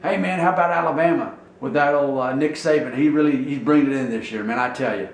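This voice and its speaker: A man's voice: medium pitch, quick pace, lightly acted. Guy doing a southern dude chatting football, drawly and loose, echoey room. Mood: enthusiastic. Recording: roomy echo, faint noise.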